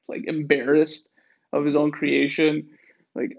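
A man hosting a podcast in a rambling monologue, swearing often and digressing in an animated way. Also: a little high, normal speed, creaky, muffled recording. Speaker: podcast host.

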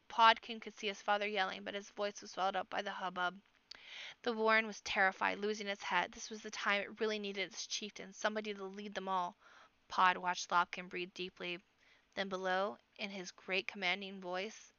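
A woman reading a children's fantasy book aloud in an expressive amateur audiobook narration, now and then correcting herself. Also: medium pitch, normal speed, clear, resonant tone, no echo, muffled recording. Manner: expressive reading with character voices and occasional self-corrections. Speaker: audiobook reader.

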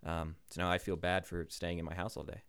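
Young man, very low voice, playful co-host banter on a casual podcast. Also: little pitch movement, brisk, a bit bright, clean tone. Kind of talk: casual chat.

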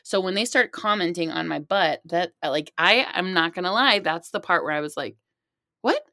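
A middle-aged woman in casual chat, telling animated stories with many fillers. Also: lowish voice, a little fast, no echo, clean studio sound.

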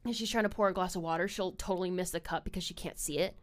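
A young woman hosts a casual podcast chat, rambling rapid-fire in a lowish, steady voice. She swears freely and fills her talk with "like" after "like."

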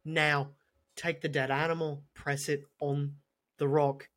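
A man's voice: on the high side, little pitch movement, slow pace, a bit bright. A man doing an impression of a famous male TV chef, praising his food with overblown words and narrating every cooking step. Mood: mock serious.

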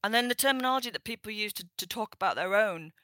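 A woman with a northern English accent, chatting as an interview guest in a lively, playful way. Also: medium pitch, quick pace, no room sound. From northern England. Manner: chatty and animated, playful with swear words. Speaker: guest sex historian. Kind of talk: casual interview chat. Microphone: remote call.

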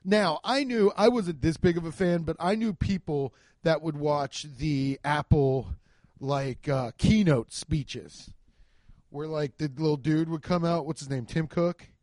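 Man, stand-up comedian, excitable profane rant, high voice, dry sound. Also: measured pace, dry recording. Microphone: handheld microphone.

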